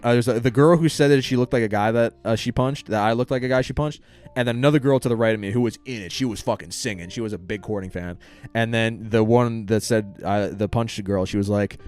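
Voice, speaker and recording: A man's voice: medium pitch, steady tone, brisk, darkish tone, smooth. A young man co-hosting a podcast, telling a story in casual chat, swearing freely and acting out what people said. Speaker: podcast co-host.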